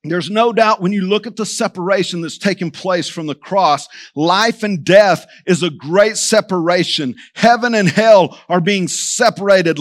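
A man's voice: high-pitched, a bit bright. A man preaching a sermon in a church, repeating phrases for emphasis and speaking straight to the congregation. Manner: preaching with emphatic repetition, addressing the church directly. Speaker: pastor.

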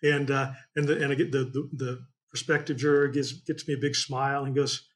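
A man's voice: medium pitch, flat delivery, brisk, few pauses. A man from Indiana, a trial attorney telling a folksy courtroom story in a casual chat, rambling with many fillers.

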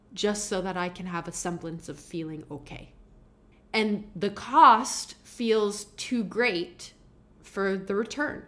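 A young adult woman hosting her own podcast, talking in a candid, confessional, rambling way with many fillers. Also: mid-range voice. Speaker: podcast host. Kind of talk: personal podcast monologue.

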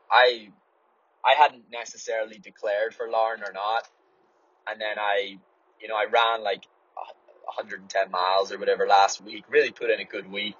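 An Irish runner hosts a casual solo podcast, rambling to listeners and swearing plenty as he restarts his words. His medium-pitched voice is a little bright and husky, captured in a dull, dry, lo-fi recording with no room sound.

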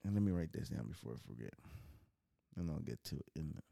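A man hosting his own channel, ranting casually and profanely, rambling with sudden swings between loud outbursts and quiet mutters. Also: extremely low pitch, very animated, fast, gravelly, slight background noise. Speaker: channel host.

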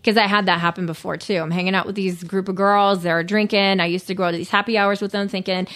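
A woman's voice: fairly low pitch, fairly even intonation, quick pace, hardly any pauses, fairly bright tone. A woman talking earnestly in a casual conversation, sharing a personal recovery story with lots of fillers. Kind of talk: casual chat.

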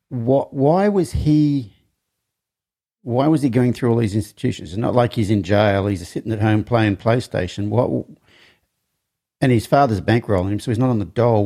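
A man hosting an interview who asks casual, halting questions and sometimes reads from a guest's website. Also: mid-range voice, warm tone. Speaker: interview host.

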